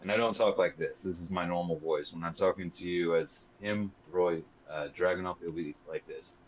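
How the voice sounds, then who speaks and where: A man's voice: low-pitched, normal speed. A man playing a tabletop game over a voice call, explaining things at length in a laid-back way. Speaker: player. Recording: muffled voice-call audio with faint hiss.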